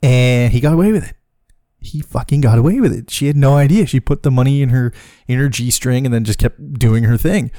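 A man hosting a podcast, telling a comic personal story in a profane, animated way, laughing as he goes. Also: medium pitch, brisk, no echo, studio quality. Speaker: podcast host.

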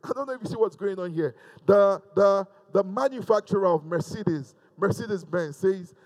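A man's voice: high voice, moderate pace, a little mellow, low-quality recording. A male pastor preaching a sermon in a church service, emphatic and repeating phrases for emphasis.

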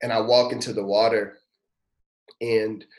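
A man's voice: lowish voice, level tone, measured pace, darkish tone. A man, a pastor and podcast guest, tells a personal testimony in an earnest, heartfelt and casual way. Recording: roomy echo.

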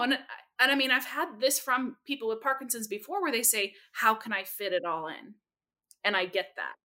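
A young adult woman, a speech therapist, telling stories in an animated, expressive way as a podcast guest. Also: fairly high pitch, normal speed. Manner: animated, expressive, jumps into quoted voices. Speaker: speech-language pathologist guest. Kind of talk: lively storytelling in a podcast interview.

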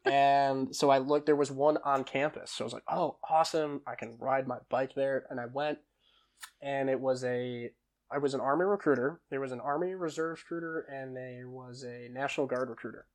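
A young man, a podcast guest, telling stories in a relaxed, chatty way, often trailing off and restarting his sentences. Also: medium pitch, fairly quick. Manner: lively storyteller who laughs and acts out quoted lines; casual, with frequent fillers and self-corrections. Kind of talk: conversational storytelling.

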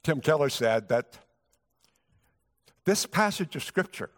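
A man preaching in a lively, high-pitched voice that swoops up and down as he tells the story. His voice rings through a large sanctuary, trailing a long echo. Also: takes it slowly. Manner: storytelling preacher acting out the characters' lines. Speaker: guest pastor. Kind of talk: sermon. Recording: long hall reverb.

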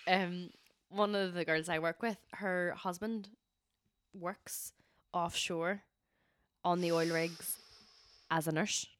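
A woman's voice: lowish voice, fairly even intonation, takes it slowly, long pauses, fairly bright tone, dry recording. Blunt giggly woman, dry close sound. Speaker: podcast co-host, nurse. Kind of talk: casual chat.

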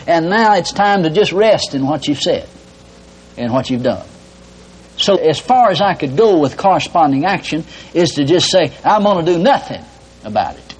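A man's voice: on the high side, husky, poor audio. A man preaching a sermon, telling personal stories in a folksy way and often tagging on "see". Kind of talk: sermon teaching.

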